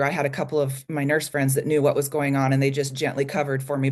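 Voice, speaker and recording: A woman's voice: low-pitched, darkish tone. A woman guest telling a candid, emotional personal story in an interview, with many ums and restarts. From United States. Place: small logging community in Idaho.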